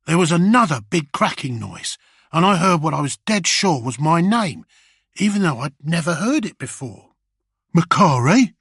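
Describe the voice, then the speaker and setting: Guy telling the story as a jittery goblin, slangy and rough, kinda husky, higher voice, dry. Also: sing-song, moderate pace, fairly bright tone, no room sound. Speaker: audiobook narrator. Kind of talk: first-person scripted narration.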